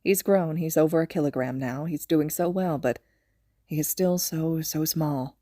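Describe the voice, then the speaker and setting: A woman voicing a gentle, halting young father. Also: low voice, dry recording, studio quality. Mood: tender. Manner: soft-spoken, halting, affectionate. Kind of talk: podfic reading.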